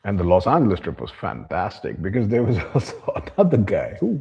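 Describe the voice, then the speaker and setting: A man's voice: fairly low pitch, wildly swooping pitch, brisk, vocal fry, darkish tone, breathy edge, highs cut off. A man vlogging a monologue to camera, ranting bluntly and with profanity, and talking about himself in the third person.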